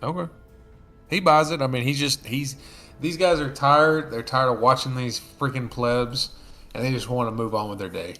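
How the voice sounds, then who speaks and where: A man narrating as game master, casual and full of fillers, slipping into quick character lines. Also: medium pitch, a bit bright, faint music behind.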